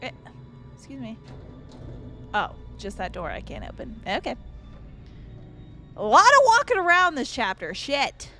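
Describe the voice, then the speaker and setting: A young woman chatting her way through a horror game on stream, blunt and quick to swear. She speaks slowly, her fairly high voice rising and falling with lively swings. Faint game music plays behind her. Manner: blunt, profane, joking asides. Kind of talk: casual gameplay commentary.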